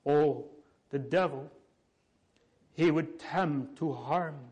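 Slow, solemn male preacher. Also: fairly high pitch, darkish tone, breathy edge. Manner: solemn, pleading, with long pauses and repeated phrases. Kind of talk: sermon.

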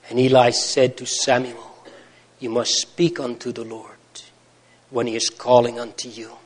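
A man preaching a sermon to a congregation, solemn and pleading, swelling loud and dropping to near quiet. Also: mid-range voice, flat delivery, husky. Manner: slow, solemn and pleading, with swells and drops in loudness.

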